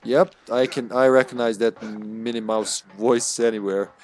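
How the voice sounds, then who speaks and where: A man giving live commentary while he plays a game, excitable and joking, swearing freely and calling out to his teammates. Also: mid-range voice, a little slow, soft background music. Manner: jokey, laughs often. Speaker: streamer.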